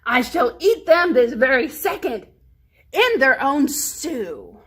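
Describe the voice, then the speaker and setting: A woman's voice: sits high, sing-song, takes it slowly, a bit bright, heavily acted. A woman reading aloud as a hungry, scheming male wolf in a children's storybook. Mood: greedy. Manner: storybook read-aloud delivery.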